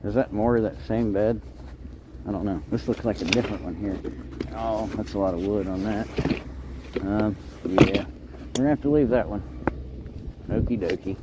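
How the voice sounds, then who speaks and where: A man's voice: on the low side, moderate pace, pauses often. A man rambling casually and mumbling as he drives and picks through curbside scrap. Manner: rambling, self-deprecating, mumbly. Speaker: scrapper vlogger. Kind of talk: casual narration while driving and scrapping. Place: outdoors and in a vehicle, city streets. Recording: noisy outdoor street recording.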